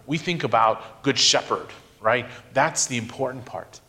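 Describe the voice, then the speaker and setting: Man preaching slowly and reflectively. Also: mid-range voice, sharp tone. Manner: slow, reflective preaching with emphatic pauses. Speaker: pastor. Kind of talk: sermon.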